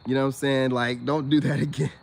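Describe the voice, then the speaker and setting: A man's voice: mid-range voice, flat delivery, fast. An American man giving rambling casual commentary to his viewers, laughing often and talking loosely in slang. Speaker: spiritual self-help vlogger.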